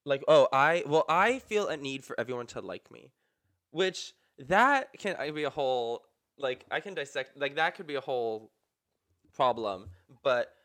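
A man's voice: mid-range voice, animated, normal speed, fairly bright tone. A man co-hosting a podcast in casual chat, rambling and using lots of filler words. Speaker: podcast co-host.

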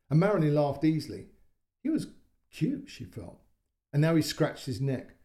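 A man narrating a short story in a calm, measured way, giving voice to the quoted lines. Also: on the high side. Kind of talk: audiobook-style story narration.

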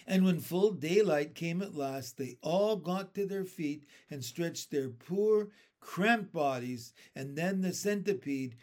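Male storybook reader, slightly higher voice, lively character reads. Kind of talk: reading a children's book aloud.

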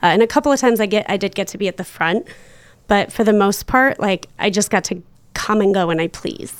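A woman guest in a casual interview, chatty and quick to laugh, full of fillers. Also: mid-range voice, no echo. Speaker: podcast guest.

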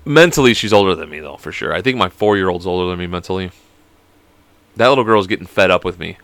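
A man's voice: sits low, expressive, fast, fairly bright tone, clean tone, dry recording. A young man in his twenties hosting a solo podcast, rambling and joking with constant swearing. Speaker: podcast host. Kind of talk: casual solo podcast chat.

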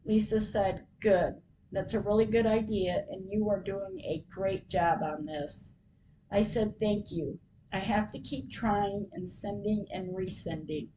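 A woman podcaster reading her diary entries aloud, retelling each call in a plain, measured way. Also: mid-range voice, mellow, a little hiss or hum, rough recording.

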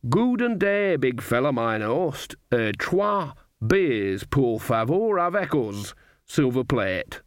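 A man's voice: mid-range voice, big pitch swings, slow pace, no echo, clean studio sound. A man voicing a cheerful, earthy old witch woman who talks boldly and mangles foreign phrases. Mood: gleeful.

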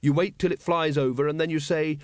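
A man's voice: on the high side, steady tone, a little fast, a little mellow, no room sound, clean studio sound, voice pushed up, close to an everyday voice. A man voicing an earnest, naive young male guard recruit who speaks dutifully and literally.

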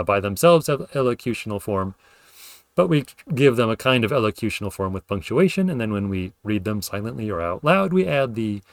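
A man with a lowish voice talks through ideas in a relaxed spoken lecture, often pausing on "uh" and restarting phrases. His delivery is thoughtful and loose rather than scripted. The recording is dry and close to the mic, with no room sound. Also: dry recording. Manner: thoughtful, lots of fillers and self-corrections; acts out example sentences with playful intonation. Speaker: podcast host explaining linguistics.

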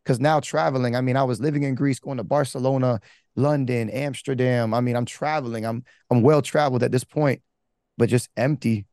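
A man's voice: mid-range voice, steady tone, a little fast, darkish tone, dry recording. Man telling his testimony, dry sound. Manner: rambling, with many restarts and fillers; casual slangy delivery. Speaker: pastor giving his testimony. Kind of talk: candid personal testimony.

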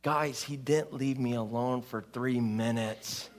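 A man's voice: mid-range voice, steady tone, slow pace. A male pastor preaching a sermon in an earnest, conversational way, often laughing at his own stories.

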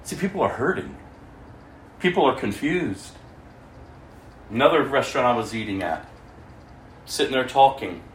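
A man preaching his testimony as a story, swinging between loud stretches and hushed ones. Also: medium pitch, expressive, moderate pace, pauses often. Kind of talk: sermon testimony. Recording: echoey room, mic far off, faint noise.

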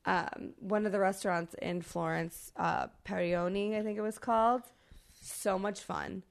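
A woman podcast co-host telling a travel story in casual chat, animated and swearing freely, with lots of fillers. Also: medium pitch, measured pace, gravelly.

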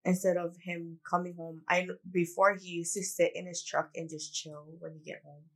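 A woman with a lowish voice hosts a casual podcast chat. She tells personal stories in a candid, reflective way, with lots of "like" and "you know". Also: little pitch movement, normal speed. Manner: candid, reflective storytelling with many "like"s. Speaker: podcast co-host.

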